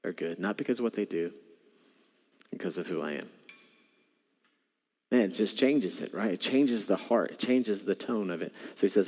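Pastor preaching in a reverberant hall. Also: male voice, on the low side, normal speed, long pauses, husky. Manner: shifts between soft near-whispers and raised preaching. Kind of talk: sermon. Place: church hall.

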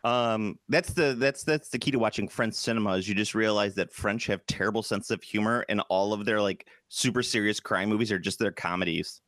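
A man's voice: on the low side, a little fast, hardly any pauses, fairly bright tone, no room sound. Jokey man, dry podcast voice. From Polish family background. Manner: jokey, puts on silly accents, laughs often. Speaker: podcast co-host. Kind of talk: casual chat about tabletop games.

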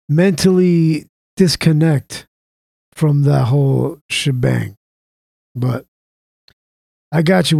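A man's voice: a little high, gravelly, mellow, no echo, clean studio sound. A man hosting an internet radio show, sharing his opinions in casual conversation and often checking in with "right?".

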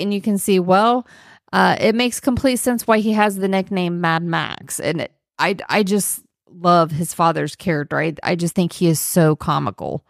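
A woman co-hosting a podcast, chatting casually and retelling movie scenes with lively put-on voices. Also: lowish voice, normal speed, no room sound, clean studio sound. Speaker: podcast co-host. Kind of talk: casual movie review chat.

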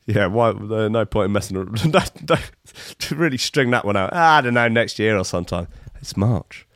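A man's voice: on the low side, lively intonation, brisk, fairly bright tone, smooth, dry recording, studio quality. A man hosting a podcast, reading out news stories and riffing on them in a rambling, sarcastic way full of restarts. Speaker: podcast host. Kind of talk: comic news commentary.

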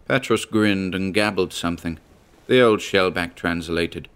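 Very low-voiced male story narrator. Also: a little slow, fairly bright tone, smooth. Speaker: audiobook narrator. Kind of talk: scripted narration.

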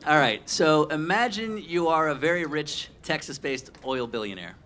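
A man's voice: a little high, animated, moderate pace, bright, forceful tone. A man hosting a live podcast at a racetrack, quizzing the crowd and joking with guests. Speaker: podcast host. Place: outdoor live show at a racetrack.

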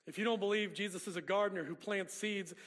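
A man's voice: high-pitched, fairly even intonation, fast talker, fairly bright tone. A man, a pastor preaching a sermon with folksy storytelling. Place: church sanctuary. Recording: long reverb of a church hall.

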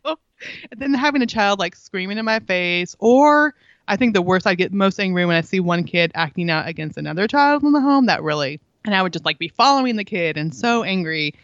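A woman's voice: mid-range voice, expressive, fairly quick, a bit bright, no echo, highs cut off. Middle-aged woman telling earnest parenting stories. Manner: earnest storytelling, acts out quoted lines, laughs often. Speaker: guest, parenting author. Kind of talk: conversational interview.

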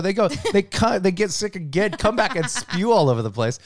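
A middle-aged man, chatting casually and telling an animated story, swearing freely and laughing as he goes. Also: sits high, fairly quick, few pauses, no room sound, clean studio sound. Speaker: podcast co-host telling a story. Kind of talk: casual chat.

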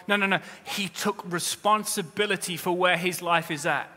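A man preaching a sermon as pastor, speaking straight to the congregation with humorous asides, and rising to loud, emphatic peaks. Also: high-pitched, fairly even intonation, normal speed, few pauses. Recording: long reverb of a large hall.

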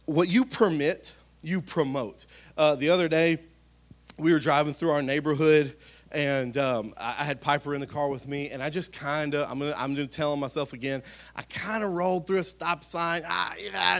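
A man, preaching a sermon in a conversational storytelling way that swings from loud to hushed. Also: on the high side, steady tone, moderate pace. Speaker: pastor.

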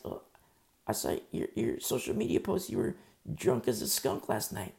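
A man's voice: mid-range voice, sing-song, normal speed, vocal fry, darkish tone. A man preaching a conversational sermon, emphatic and full of rhetorical questions.

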